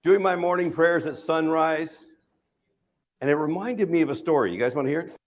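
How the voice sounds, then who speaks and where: A man's voice: on the high side, brisk. A man telling a funny personal story to a live conference audience, often asking the crowd questions. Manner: animated, asks the audience questions, jokes. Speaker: keynote speaker. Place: conference stage.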